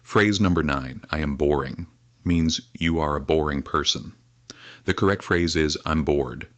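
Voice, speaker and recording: Low-voiced guy running english repeat-after-me drills, very dry sound. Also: no echo, highs cut off. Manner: slow, clear drill delivery with many repetitions. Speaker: English teacher. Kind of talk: scripted lesson narration.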